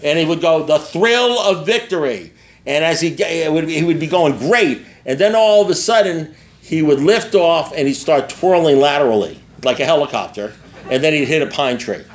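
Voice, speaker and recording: A man's voice: on the high side, moderate pace. An older man speaking candidly to a recovery meeting, blunt and profane, repeating himself and often checking in with his listeners. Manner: blunt, repetitive and profane, with frequent asides to the listeners. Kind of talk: candid personal talk to an audience.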